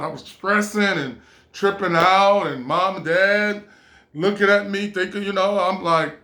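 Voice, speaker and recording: A vlogger from California tells a personal story to camera and keeps circling back to repeat himself, chuckling as he goes. His voice sits fairly high for a man and sounds bright, and he talks at a slow, unhurried pace. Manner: rambling and repetitive, with chuckles.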